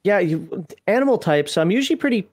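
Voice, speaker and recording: A man's voice: sits high, animated, brisk. A man co-hosting a live-streamed chat, rambling and laughing as he talks. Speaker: podcast co-host.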